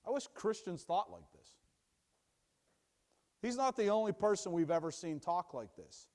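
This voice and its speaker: A young adult man teaching from the Bible in a sermon, emphatic and repetitive, dropping low and quiet for asides. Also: animated, moderate pace. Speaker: preacher.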